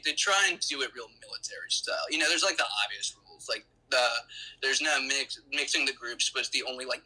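A man's voice: medium pitch, sharp tone, husky, poor audio. A man as an interview guest, telling his story conversationally with many fillers and restarts.

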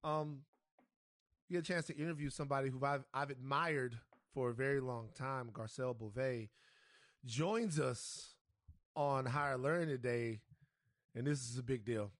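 A man's voice: medium pitch, normal speed, no echo, clean studio sound. A man hosting a podcast, asking playful questions in a casual chat. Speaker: podcast host.

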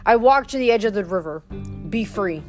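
A woman reads a novel aloud in a mid-pitched voice, often stumbling and restarting words. Faint music plays softly behind her. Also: expressive, brisk. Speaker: reader.

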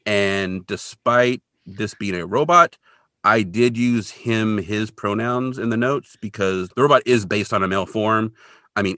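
A man co-hosting a podcast, chatting casually and retelling scenes with quick playful voices. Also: low-pitched, bright, forceful tone, no room sound, clean studio sound. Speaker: podcast co-host recapping an episode. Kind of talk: casual chat.

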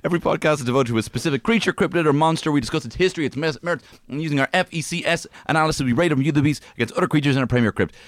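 A man's voice: a little high, very fast, few pauses, no echo. A man co-hosting a comedic podcast in a jokey, rambling way. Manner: jokey, rambling, lively delivery with fillers. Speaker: podcast co-host.

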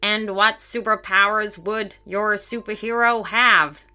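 A woman's voice: medium pitch, steady tone, slow pace, bright, forceful tone, clear, resonant tone. A woman voicing a boastful alien toy robot who speaks in formal, clipped pronouncements. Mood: coolly superior.

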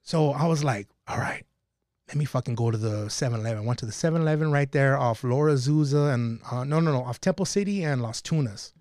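A man's voice: mid-range voice, fast talker, a little mellow, no echo, studio quality. A man telling a profane, laughing story in casual podcast talk. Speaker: podcast guest.

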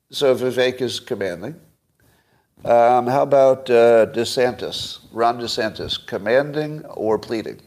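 An older man in his sixties talks through a casual solo commentary stream. He is wry and chuckles often, quizzing his listeners as he goes, in an ordinary mid-range voice. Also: medium pitch. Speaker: podcast host.

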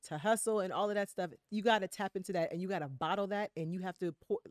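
A woman's voice: medium pitch, quick pace, dry recording, studio quality. A woman guest on a podcast, speaking earnestly and reflectively with frequent fillers and affirmations. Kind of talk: casual chat.

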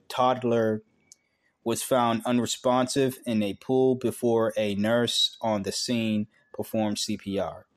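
A man reading a news article aloud in a slow, halting way, breaking off for blunt, profane asides. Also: fairly low pitch. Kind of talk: casual commentary reading aloud.

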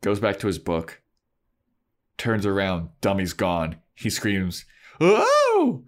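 A man's voice: low-pitched, steady tone, slow. A man co-hosting a podcast, casually recapping a TV episode with hesitant fillers. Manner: retells scenes, hesitant fillers. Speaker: podcast co-host.

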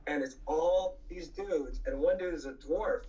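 A man's voice: on the high side, a little slow, mellow. Profane rambling storyteller man, distant mic. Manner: profane, laughing, rambling with many fillers. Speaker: punk band frontman guest. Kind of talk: casual anecdotal storytelling. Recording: slightly distant, dull lo-fi mic.

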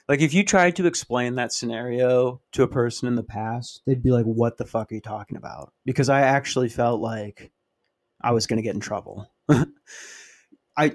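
A man hosting a podcast, telling a rambling, profane, self-mocking story in a casual monologue. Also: medium pitch. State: dry mouth. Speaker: podcast host.

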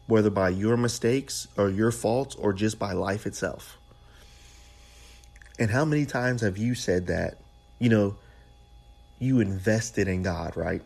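A man with a low voice delivers a sermon. He speaks in a conversational, down-to-earth way and repeats phrases for emphasis. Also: darkish tone. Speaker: preacher.

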